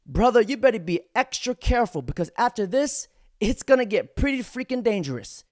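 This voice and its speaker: A woman delivers opinion commentary with a lively, swooping pitch and a tone of indignation, addressing her audience directly. Her voice sits fairly high, and the recording is close and dry. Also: fairly quick, no room sound. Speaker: political commentary host.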